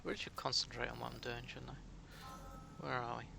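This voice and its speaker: A man's voice: mid-range voice, fairly even intonation, normal speed, creaky, noisy background. A British man chatting casually with his live-stream chat while playing a game, joking at his own expense. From Britain.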